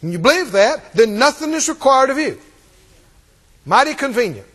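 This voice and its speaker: A man with a very high, lively voice preaches an emphatic, rousing sermon and keeps calling out to his congregation. His voice rings out with the long reverb of a large hall. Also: moderate pace, slightly rough.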